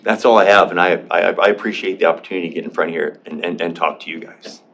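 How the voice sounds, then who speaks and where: A man's voice: low-pitched, fairly even intonation, fast, a bit bright, highs cut off, slight background noise. A man speaking in public comment at a county board meeting, emotional and defensive, often repeating himself and restarting. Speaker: public commenter, veteran and business owner.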